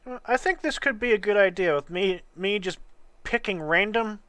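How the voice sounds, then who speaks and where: A man's voice: high-pitched, sharp tone, smooth, no echo. A man co-hosting a casual talk show over a call, blunt and sarcastic. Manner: blunt, sarcastic, quick to laugh.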